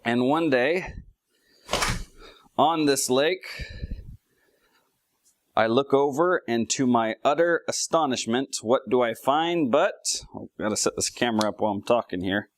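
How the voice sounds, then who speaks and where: A man's voice: medium pitch, animated, unhurried, pauses often. A man giving a playful statistics video lecture, joking and talking straight to his viewers. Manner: jokey, chatty, addresses viewers directly. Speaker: statistics educator. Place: goes outdoors to a duck pen.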